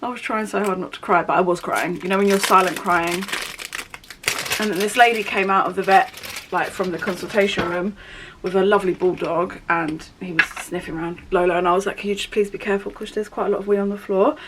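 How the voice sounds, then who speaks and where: A woman's voice: mid-range voice, fairly even intonation, brisk, background noise. A young woman, telling a long personal story in a rambling, candid way while doing her makeup for a get-ready-with-me vlog. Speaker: beauty vlogger.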